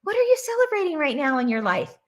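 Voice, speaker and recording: A woman's voice: sits high, sing-song, fast talker. A woman hosting a live stream, reading viewer comments aloud in an enthusiastic, bubbly way and laughing often. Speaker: host.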